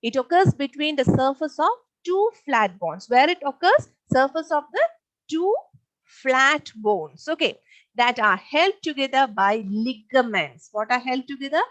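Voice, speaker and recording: A woman's voice: sits high, animated, unhurried, a bit bright, no room sound, rough recording. Woman teacher repeating points. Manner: repeats points, asks pupils rhetorical questions. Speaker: online science teacher. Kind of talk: live online class teaching.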